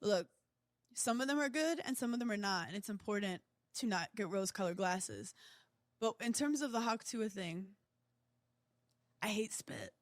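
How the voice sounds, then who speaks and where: A woman's voice: mid-range voice, very animated, normal speed, long pauses, no echo. A woman from the New area, a podcast guest who is brash and teasing and swears freely in casual chat. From New York area.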